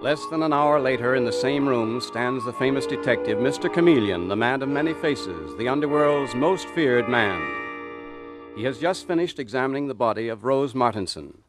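A man announces and narrates a vintage radio mystery in a dramatic, declamatory voice of medium pitch. Music plays clearly beneath his words throughout. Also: animated, moderate pace. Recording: old radio broadcast with music underneath.

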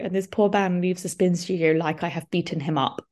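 A young woman telling a story in a casual podcast chat, animated, with lots of "like". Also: lowish voice, fairly quick, few pauses. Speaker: podcast co-host.

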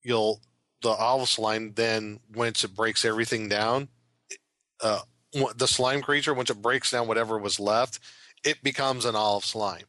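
A man's voice: on the low side, steady tone, normal speed, pushed and bright, dry recording. A man co-hosting a casual tabletop game chat, joking and reacting with short laughs. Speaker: co-host and dungeon master. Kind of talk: casual chat about monster lore.

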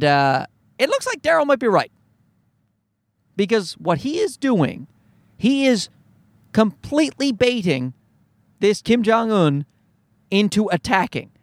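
A man's voice: extremely high pitch, no echo. A man hosting a solo podcast, ranting in an exasperated, profane and rambling way. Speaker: podcast host. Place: recorded at home at night.

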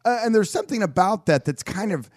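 A man's voice: high voice, lively intonation, quick pace, no echo, clean studio sound. A man co-hosting a business radio talk show in casual chat, acting out quoted lines and often restarting his sentences. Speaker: radio co-host.

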